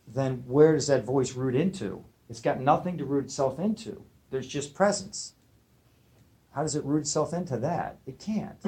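A man's voice: fairly high pitch, warm tone. A man teaching a spiritual lecture to a live audience. He talks emphatically and conversationally, often checking in with his listeners.

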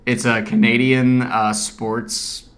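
A man's voice: mid-range voice, flat delivery, takes it slowly, fairly bright tone. A man in his thirties co-hosting a podcast, joking around, cutting in and laughing easily. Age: 30s. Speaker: podcast co-host. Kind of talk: casual chat. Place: small home studio. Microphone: studio mic.

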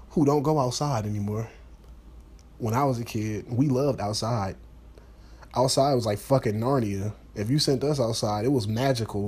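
Young man, twenties, husky voice, blunt exasperated profane rant. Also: mid-range voice, a little mellow. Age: 20s. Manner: blunt, exasperated, swearing freely.

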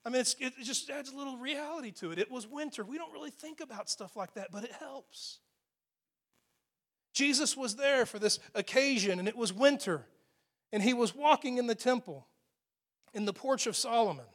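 High-voiced man preaching a sermon. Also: lively intonation, normal speed, a bit bright. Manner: conversational, emphatic preaching with asides to the congregation. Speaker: pastor. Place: church sanctuary.

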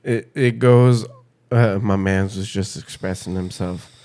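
A man's voice: low voice, steady tone, a little slow, darkish tone. A man co-hosting a casual podcast, teasing and interrupting with lots of swearing. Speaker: podcast co-host. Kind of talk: casual chat.

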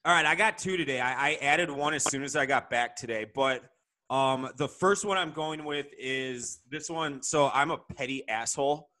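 A man on a podcast holds forth at length in an ordinary mid-range voice, opinionated and profane. He talks in a steady, casual way. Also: medium pitch, moderate pace. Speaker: podcast co-host.

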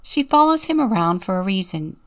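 A woman deacon gently reading a children's story aloud and asking the listener questions. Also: medium pitch, sing-song, brisk.

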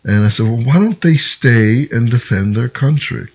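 A relaxed man from Newfoundland talking casually on a podcast, often pausing and restarting as he thinks. The recording sounds slightly dull and lo-fi. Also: medium pitch, gravelly. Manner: relaxed, hesitant, many ums and restarts. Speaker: podcast co-host. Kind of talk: casual chat.

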